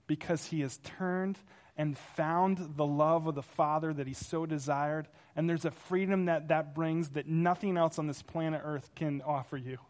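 A male pastor preaching a sermon, telling stories in an animated, conversational way. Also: a little high.

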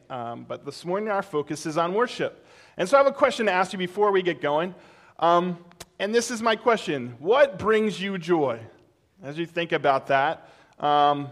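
Male pastor, 30s-40s, higher voice, conversational sermon delivery with easy laughs. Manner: conversational and animated, with laughs and fillers. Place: church sanctuary.

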